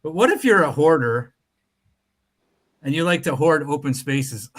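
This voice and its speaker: A man's voice: fairly high pitch, animated, measured pace. A man hosting a casual comedy podcast, telling jokes in a laid-back way. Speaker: podcast host.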